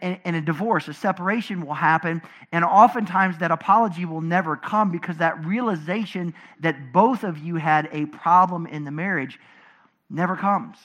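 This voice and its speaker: Male pastor, high bright voice, lively sermon delivery with big swings in volume. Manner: animated preaching, swinging from loud emphatic to low and quiet.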